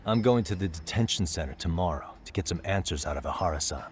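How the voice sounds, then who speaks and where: A man voicing a calm, persistent detective who presses a witness with steady questions. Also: low-pitched, fast talker, a little hiss or hum. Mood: pressing. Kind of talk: game voice acting.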